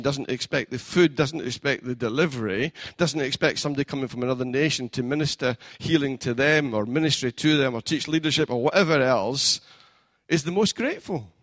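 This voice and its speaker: A man, a pastor preaching a sermon in a church, building from plain storytelling up to fervent shouting. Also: mid-range voice, no room sound.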